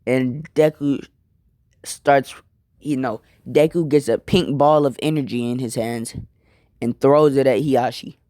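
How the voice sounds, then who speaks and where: Slow, rambling young man telling a story. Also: mid-range voice, steady tone, dark tone, no echo, clean studio sound. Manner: rambling, filler-heavy, apologetic asides. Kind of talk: casual spoken fan-fiction retelling.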